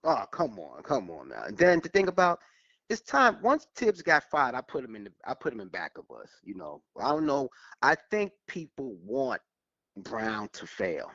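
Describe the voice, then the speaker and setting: A man's voice: medium pitch, huge pitch swings, moderate pace, a bit bright, no room sound. Fired-up guy calling in, voice swings up and down a lot, muffled phone line. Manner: heated, emphatic, repeats himself. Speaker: caller. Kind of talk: phone-in sports chat.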